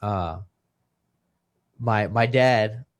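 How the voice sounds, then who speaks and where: A man's voice: fairly low pitch, extremely slow. A middle-aged man, a retired boxer, telling an emotional personal story in conversation and acting out the dialogue he quotes. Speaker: retired professional boxer, guest.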